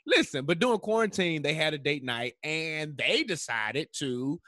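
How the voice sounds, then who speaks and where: A man co-hosting a casual podcast, animated and laughing often as he chats. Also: fairly high pitch, normal speed, no room sound, clean studio sound. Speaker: podcast co-host. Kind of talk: casual chat.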